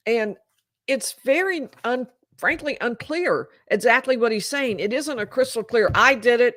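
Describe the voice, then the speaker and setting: A woman lawyer explaining a court case live, emphatic and explanatory. Her voice sits at a middle pitch, recorded close and dry with no room sound. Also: no echo. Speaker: lawyer and legal commentator. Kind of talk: live legal commentary.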